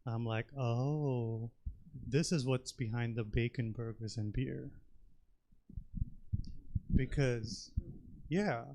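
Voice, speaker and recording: A man from India performs a stand-up set on a comedy theater stage. His voice sits at an ordinary middle pitch. He talks in a loose, rambling way, full of fillers. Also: steady tone, takes it slowly, pauses often, darkish tone. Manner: chatty, rambling delivery with many fillers.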